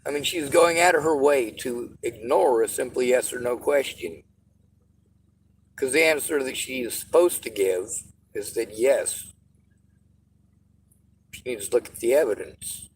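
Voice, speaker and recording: A man's voice: medium pitch, unhurried, long pauses, a little hiss or hum, rough recording. Man ranting in frustration. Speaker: vlogger. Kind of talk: venting commentary.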